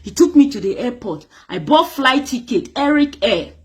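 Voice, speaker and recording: A woman's voice: fairly high pitch, big pitch swings, normal speed. A woman from Nigeria, telling her personal story with drama and acting out the voices of others. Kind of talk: emotional personal testimony.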